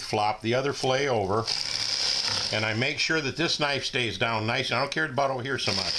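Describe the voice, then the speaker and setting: A man's voice: mid-range voice, very noisy. A man hosting a casual how-to demonstration, talking in a folksy, down-home way while he works. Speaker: host demonstrating fish cleaning.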